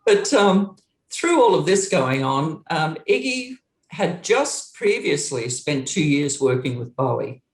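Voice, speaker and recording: A woman's voice: slow pace, roomy sound. A middle-aged woman, a former touring roadie, telling a story in an interview, acting out the dialogue and laughing as she goes. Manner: lively, acts out quoted dialogue with big pitch jumps.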